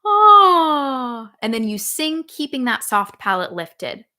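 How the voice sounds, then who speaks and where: A woman singing coach teaching a live online lesson in a relaxed, explaining way, breaking into sung vowels to demonstrate. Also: mid-range voice, normal speed.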